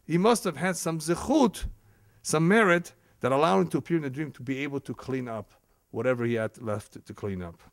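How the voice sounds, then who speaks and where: A man's voice: mid-range voice, a little fast, no room sound, clean studio sound. A man teaching a religious ethics lesson as a rabbi, telling stories with chuckles and Hebrew terms. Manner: lively storytelling, acts out quoted speakers, chuckles often; sprinkles Hebrew terms into English. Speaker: rabbi lecturer.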